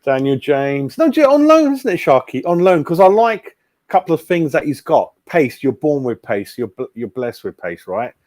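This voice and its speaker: A man's voice: a little high, very animated, moderate pace, darkish tone, dry recording. Casual male host, blunt rambling chat, dry close mic. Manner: blunt, chatty, keeps saying mate. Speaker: fan channel host. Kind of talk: casual live-stream chat.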